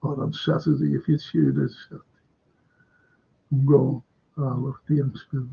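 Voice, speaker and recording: Male fan-show host, slow rambling storyteller, gravelly and a bit raspy, lo-fi audio. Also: mid-range voice, flat delivery. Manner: rambling anecdotes, laughs often, swears freely. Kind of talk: casual live-stream chat. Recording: lo-fi dull audio.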